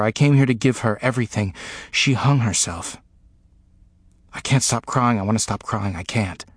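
A man reading a first-person memoir aloud, in a slow, grave, repetitive delivery. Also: medium pitch, no room sound. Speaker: narrator.

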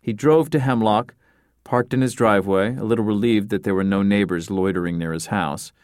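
In a dry, studio-quality recording, a man with a fairly low pitch narrates a scripted audiobook. His storytelling stays even and measured throughout.

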